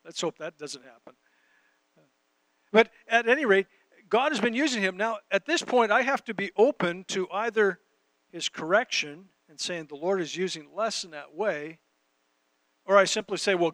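A man's voice: high-pitched, animated, moderate pace, fairly bright tone, no room sound. A man preaching a conversational sermon, reading scripture and talking directly to his audience. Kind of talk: sermon teaching.

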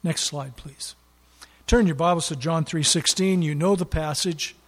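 A man's voice: a little high, a little slow. A man preaching a sermon in an earnest way, leaning hard on key words for emphasis. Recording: long hall reverb.

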